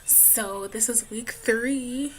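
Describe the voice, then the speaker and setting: A woman's voice: a little high, drawn-out words, a little hiss or hum. Giggly young college woman vlogging. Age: young adult. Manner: bubbly, giggly, lots of "like". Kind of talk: casual vlog chat.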